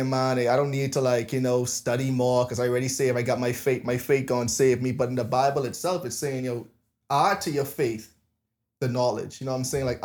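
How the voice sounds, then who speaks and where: A man hosting a faith podcast, chatting casually and reading scripture, relaxed and rambling with many "like" and "you know what I'm saying". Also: medium pitch. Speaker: podcast host.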